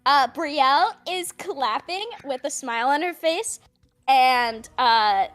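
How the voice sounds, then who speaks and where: A woman's voice: sits high, takes it slowly, a bit bright. A woman running a tabletop game as game master, chatty and describing scenes with many fillers. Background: faint background music.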